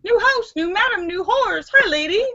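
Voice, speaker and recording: A high, shrill, cackling male parrot squawks his lines in a sing-song, as a woman puts him on. He is cheeky and loud. The sound is dull and lo-fi. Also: expressive, normal speed, a little hiss or hum, heavily acted.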